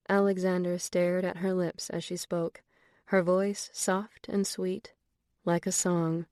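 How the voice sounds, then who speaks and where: Smooth low-voiced woman narrating an audiobook. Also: steady tone, a little slow, darkish tone, no echo, studio quality. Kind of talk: scripted narration.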